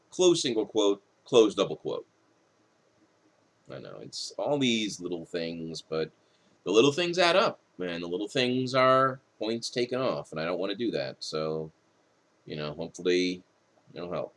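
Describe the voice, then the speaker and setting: A man's voice: lowish voice, big pitch swings, unhurried, a bit bright. A male writing instructor, tired late at night, reads rules from a textbook in a recorded lecture and explains them with casual asides.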